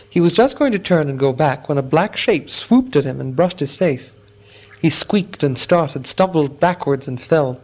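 A man narrating a storybook in a measured, expressive reading style. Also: on the high side. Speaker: audiobook narrator.

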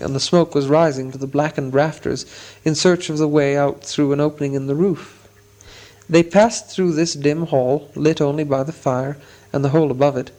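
A man narrating a storybook in a steady, descriptive audiobook reading. His voice sits slightly higher than most men's.

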